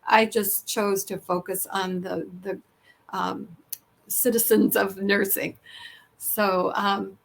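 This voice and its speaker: A woman's voice: mid-range voice, flat delivery, slow, vocal fry. A woman who is a nurse hosting a podcast, talking earnestly in a casual interview with frequent fillers and restarts.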